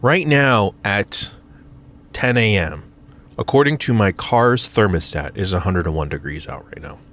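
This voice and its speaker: Low-voiced American man rambling in his car. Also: expressive, moderate pace, a bit bright, a little hiss or hum. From United States. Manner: rambling, self-mocking, many fillers and restarts. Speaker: vlogger. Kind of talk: casual rambling vlog. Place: parked car, in the sun.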